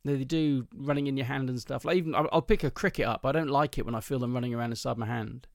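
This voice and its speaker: Fast-talking man, rambling. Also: medium pitch, fairly even intonation, gravelly, no room sound, clean studio sound. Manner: chatty, rambling storyteller. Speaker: podcast co-host. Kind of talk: casual chat.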